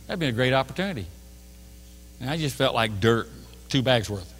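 Standing in a church sanctuary, a pastor delivers a sermon, animatedly telling a story and playing both sides of an exchange in a store. His mid-range voice is a bit bright and a little fast, and the recording carries church hall reverb.

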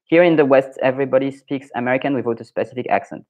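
A man's voice: mid-range voice, very fast, narrow, tinny audio. French man chatting frankly on a live stream. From France. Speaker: French pronunciation coach hosting a live stream. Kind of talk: casual live Q&A, reading viewer comments.

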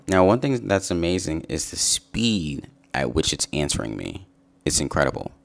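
A man giving a relaxed, upbeat screen-share coding tutorial as a software developer. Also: a bass voice, moderate pace, gravelly. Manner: relaxed, upbeat, says "sweet" and "awesome". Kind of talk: casual screen-share walkthrough.

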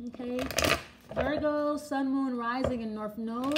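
Woman, high voice, casual tarot reading, talks right to the viewer, repeats herself. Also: a little slow, very noisy. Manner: chatty, repeats words and restarts, talks straight to the viewer. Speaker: tarot reader.

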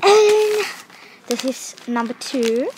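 A woman's voice: high voice, big pitch swings, takes it slowly, heavy background noise. A woman vlogger walking viewers through her drawings in casual, rambling storytelling with many fillers. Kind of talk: casual show-and-tell narration.

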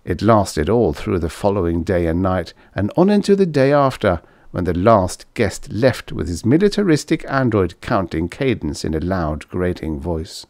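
A male audiobook narrator reading fiction with a lively, animated delivery. His voice sits on the low side, and the recording is dry and close. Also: normal speed, few pauses, dry recording. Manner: expressive, lively storytelling. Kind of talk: scripted narration.

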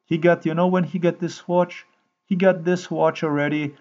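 A man's voice: fairly high pitch, moderate pace. A man telling a long rambling story in a casual monologue, repeating himself and swearing freely. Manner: repetitive, profane, excitable storytelling. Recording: dull lo-fi recording.

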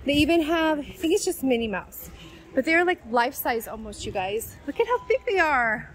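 A woman's voice: high voice, very animated, normal speed, slight background noise, poor audio. A woman chatting eagerly to viewers as she walks through a large warehouse store, filming on a handheld phone. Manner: gushing, chatty, addresses viewers as "you guys". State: out of breath. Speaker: vlogger. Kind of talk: store walk-through vlog.

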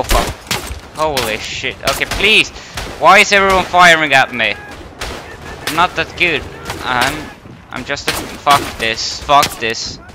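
A man's voice: mid-range voice, background noise. A man commenting on his own game play, panicky, profane and self-mocking. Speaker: gamer. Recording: game gunfire and explosions behind voice.

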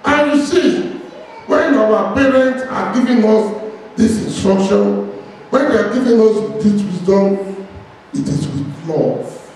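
High-voiced pastor preaching in an echoey hall. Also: male voice, a little mellow, distant mic, slight background noise. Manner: impassioned preaching with long pauses. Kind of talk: sermon. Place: church hall. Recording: echoey hall, heard from afar.

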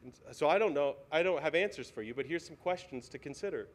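Earnest male pastor preaching, slightly high voice. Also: lively intonation, quick pace, slight background noise. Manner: earnest, pleading, full of questions. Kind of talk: sermon. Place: church sanctuary.

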